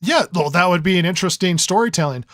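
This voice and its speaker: A man's voice: sits high, animated, fast talker, fairly bright tone, no room sound. A man co-hosting a podcast review in casual chat, rambling and riffing with lots of stammered restarts. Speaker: podcast co-host.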